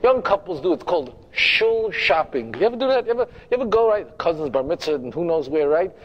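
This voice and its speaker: A man's voice: fairly high pitch, sing-song, fast talker, muffled recording. A man giving a lecture as a rabbi, speaking emphatically, repeating his phrases and turning to the audience with direct asides. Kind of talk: lecture to a congregation.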